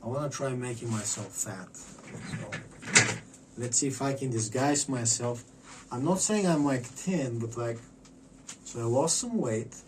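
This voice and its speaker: A man's voice: medium pitch, expressive, measured pace, background noise. A man talking in a casual vlog monologue, rambling and profane with lots of stammered restarts.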